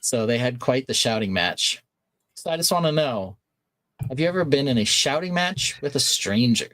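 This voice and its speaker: A man's voice: medium pitch, moderate pace, no echo. A man co-hosting a casual podcast, telling a vacation story and acting out the quotes. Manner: animated, acts out quotes. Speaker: podcast co-host.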